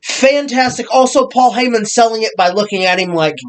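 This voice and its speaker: A man co-hosting a casual wrestling review, excitable and full of halting restarts. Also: very high-pitched. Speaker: podcast co-host.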